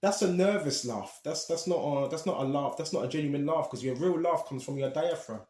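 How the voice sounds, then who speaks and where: A man preaching a Bible teaching, animated and emphatic, talking straight to his listeners. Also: on the high side, fairly quick, reverberant.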